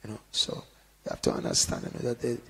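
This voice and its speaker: A man giving an informal sermon in a conversational preaching manner, often adding "you know" and then bursting into loud emphasis. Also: fast talker, in a large hall. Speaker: Bible teacher.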